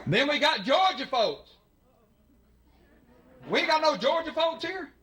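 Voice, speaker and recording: With a very high, sing-song voice that is bright and forceful, a man from Alabama delivers folksy stand-up at a measured pace. He drawls in a Southern accent and plays with the crowd at a college venue, recorded on a live stage mic with audience noise.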